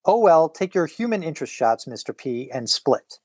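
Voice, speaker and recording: A man's voice: on the high side, big pitch swings, normal speed, a little mellow, dry recording, clean studio sound. A man voicing a wisecracking young photographer hero as he reads a comic aloud. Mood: wry.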